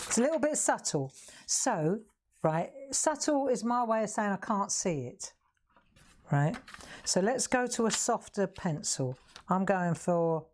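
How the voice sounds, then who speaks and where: Low-voiced chatty craft host. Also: female voice, darkish tone, slight background noise. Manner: chatty, laughs often, talks straight to viewers. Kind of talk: live craft demonstration.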